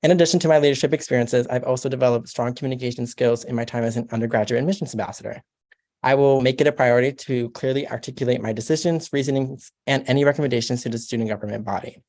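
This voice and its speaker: A man's voice: mid-range voice, darkish tone. A young man, a college sophomore, giving a prepared, earnest speech as a candidate for a student court seat. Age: young adult. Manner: formal, measured and earnest.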